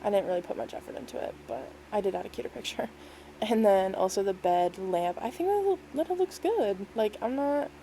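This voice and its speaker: A woman's voice: medium pitch, lively intonation, moderate pace, warm tone, a little hiss or hum, poor audio. A woman casually narrating a voice-over walkthrough of a game build, rambling and easygoing, with lots of "like" and "um". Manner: rambling, filler-heavy, lots of "like" and "um"; self-deprecating, easygoing.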